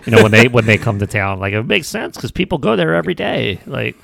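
A man co-hosting a podcast in relaxed, rambling casual chat. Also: mid-range voice, fast, creaky, very noisy. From Philadelphia area. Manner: relaxed, rambling, many fillers. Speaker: podcast co-host.

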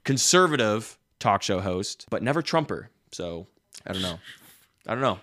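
A man's voice: lowish voice, sing-song, normal speed, a bit bright. A man co-hosting a casual podcast, talking loosely, swearing and laughing easily. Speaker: podcast co-host. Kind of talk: casual chat and interviewing.

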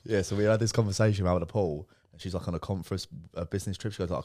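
A young British man co-hosting a podcast, quick with self-deprecating banter in casual chat. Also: low-pitched, fairly even intonation, darkish tone, dry recording, studio quality. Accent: British English. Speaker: podcast co-host.

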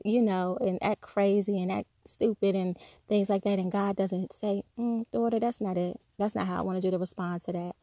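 A woman's voice: mid-range voice, darkish tone, no echo, clean studio sound. A woman giving a conversational devotional talk, telling personal stories candidly and acting out the voices of people she quotes. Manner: acts out quoted speech. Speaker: Christian speaker.

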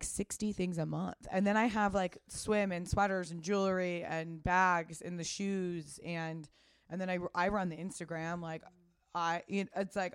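A woman's voice: on the low side, clear, resonant tone, no echo, studio quality. A woman in her thirties from the United States, a fashion brand founder, talking casually in an interview, rambling with many fillers and the odd swear word.

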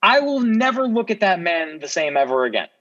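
A man's voice: high-pitched, big pitch swings, fairly quick, fairly bright tone. A young man co-hosting a podcast over a remote connection, earnest and a bit bewildered. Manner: earnest, bewildered, with frequent restarts. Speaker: podcast co-host. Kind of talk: casual podcast chat. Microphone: remote call. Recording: dull remote audio line.

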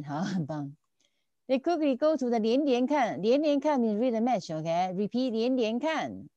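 Tutor, woman, lively up-and-down voice, patient and repetitive, dull dry sound. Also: on the high side, normal speed, dry recording. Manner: patient, repeats and checks understanding often. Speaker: Chinese language teacher. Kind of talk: online tutoring lesson.

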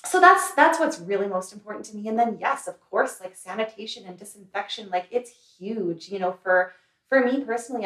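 A woman's voice: medium pitch, a bit bright. A young woman who owns a salon, answering interview questions in a chatty, earnest way with many fillers. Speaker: salon owner and hair remover. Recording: echoey room, mic a little distant.

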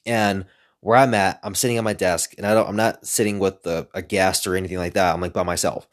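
A young man casually telling personal stories in a rambling, profane way, getting animated as he retells them. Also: sits low, a little fast. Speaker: speaker sharing personal stories. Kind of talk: casual storytelling monologue.

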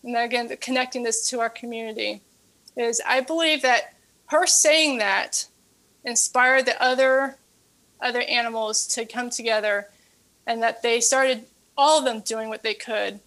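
An earnest woman who coaches fitness and has written a book, telling a story as an interview guest. Her voice sits a touch high, and she often repeats her words as she builds a point. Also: a little slow, fairly bright tone.

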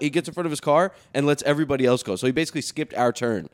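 A man's voice: a little high, rapid-fire. A young man in casual, profane chat, telling stories and laughing.

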